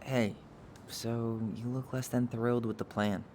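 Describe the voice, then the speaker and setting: A man's voice: medium pitch, fairly even intonation, measured pace, a little mellow, slight background noise, lightly acted. An actor voicing a wry, sarcastic young man in a video game, with a dry joking delivery. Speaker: game character. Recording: game audio with clear music behind.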